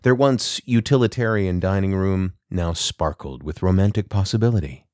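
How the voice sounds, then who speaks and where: A man narrating a short story in a measured, even delivery. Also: deep voice, no room sound, clean studio sound.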